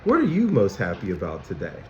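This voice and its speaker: A man's voice: sits low, wildly swooping pitch, fairly quick, dark tone, slight background noise, pitched below the performer's own voice. A man doing Joy, a bubbly cheerful girl character. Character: cheerful upbeat female Joy emotion character. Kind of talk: picture book read aloud to young children. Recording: dull, echoey room recording.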